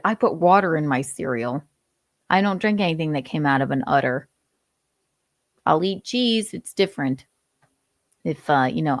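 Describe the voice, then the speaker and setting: A young woman hosts a loose live stream, reading headlines aloud and breaking into giggles and the odd curse. Her voice sits fairly low, and the sound is dry and close with no room around it. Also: no echo. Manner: giggly, profane, chatty. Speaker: host.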